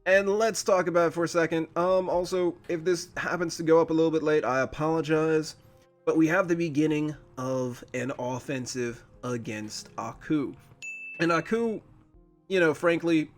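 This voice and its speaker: A man hosting a casual episode reaction review, chatty and quick with frequent laughs. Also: fairly high pitch. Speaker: channel host.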